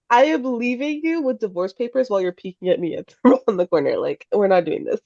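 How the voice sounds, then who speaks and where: A woman's voice: mid-range voice, normal speed, dry recording, highs cut off. Blunt, laughing woman podcast host. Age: adult parent. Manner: laughs often, blunt and animated. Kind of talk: casual chat.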